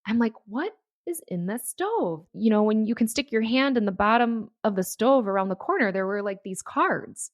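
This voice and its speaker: A woman hosting her own podcast, chatting excitedly and reading tarot passages aloud. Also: fairly high pitch, brisk, few pauses, no room sound, studio quality. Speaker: podcast host. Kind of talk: casual solo podcast talk.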